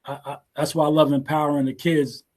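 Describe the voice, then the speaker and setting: A man's voice: fairly high pitch, level tone, quick pace, a little mellow. Laid-back older man telling war stories. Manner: laid-back, repeats words when restarting. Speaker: guest, martial arts teacher. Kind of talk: casual storytelling interview.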